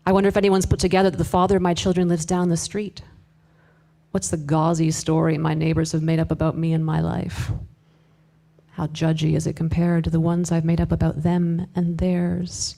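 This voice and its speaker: A woman performing a live spoken word piece, confessional and wry, moving between hushed asides and emphatic bursts with sharp swearing. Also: deep voice, monotone, moderate pace, creaky. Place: live event space with audience.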